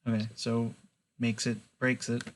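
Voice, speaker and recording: A man's voice: medium pitch, measured pace, a little hiss or hum. Easygoing man running a tabletop game. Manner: relaxed, loose, lots of fillers. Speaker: game master.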